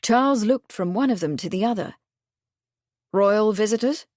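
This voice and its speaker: A woman narrates a period mystery audiobook, steady and measured. Her pitch is middling for a woman. The booth sound is dry and close, with no room echo. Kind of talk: scripted narration.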